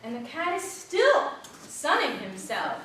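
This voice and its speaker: A woman's voice: high voice, a little slow, a little hiss or hum. A woman telling a story to a group of children, asking them questions as she goes. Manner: lively, asks the listeners questions. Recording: echoey room from far off.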